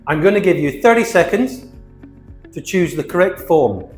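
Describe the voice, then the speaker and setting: A man teaching an English grammar lesson, with a clear and emphatic delivery. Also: a little high, expressive, moderate pace, big-room sound, faint music behind. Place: hot location.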